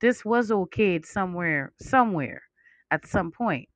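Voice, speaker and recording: A woman's voice: medium pitch, expressive, unhurried, no room sound. A woman hosting a talk podcast who cuts in directly and speaks to the listeners. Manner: direct, interjecting, addresses listeners. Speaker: podcast host. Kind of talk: casual talk show hosting.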